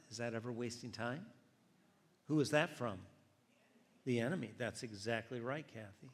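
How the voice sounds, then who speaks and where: A man's voice: mid-range voice, normal speed, long pauses, breathy edge, in a large hall. An older man preaching a sermon as pastor, telling a story and acting out the dialogue with self-deprecating humor.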